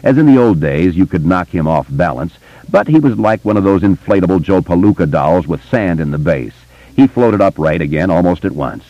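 A man reading an audiobook in scripted narration, expressive and varied. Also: sits low, a little fast, hardly any pauses, no echo. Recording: dull, muffled dry recording.

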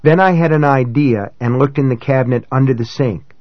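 A man reading a novel aloud in first person, in a measured, dramatic way that rises for shouted dialogue. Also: medium pitch, no echo, muffled recording. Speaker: audiobook narrator. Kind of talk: scripted first-person narration.

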